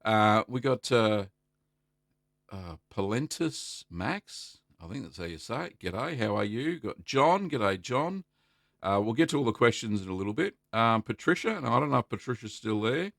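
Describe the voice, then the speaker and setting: A middle-aged Australian man hosting a casual live stream, chatty and relaxed, greeting viewers by name and filling pauses with ums. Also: fairly low pitch, vocal fry, no room sound, clean studio sound. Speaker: livestream host answering cheesemaking questions.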